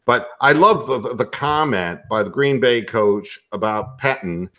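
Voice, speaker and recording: A man's voice: medium pitch, expressive, measured pace, fairly bright tone. A man hosting a casual sports talk show who jokes and rambles, often stammering on his words. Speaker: podcast host.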